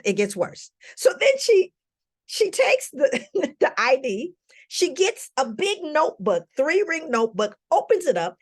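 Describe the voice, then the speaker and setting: A woman giving a talk, telling a personal story to a live audience and calling on them with questions. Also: high voice. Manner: animated, calls on the audience with questions.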